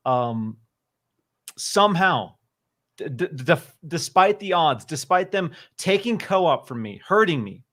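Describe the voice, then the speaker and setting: A man's voice: on the high side, big pitch swings, takes it slowly, fairly bright tone. A man appearing as a guest on a casual gaming livestream, giving enthusiastic and emphatic opinions.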